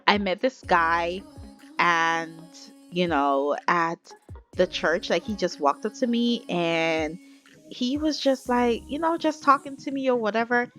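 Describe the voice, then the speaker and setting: A woman's voice: on the low side, measured pace, a bit bright, soft background music. A woman voicing an earnest pregnant young woman. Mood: chatty. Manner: casual slangy girl talk.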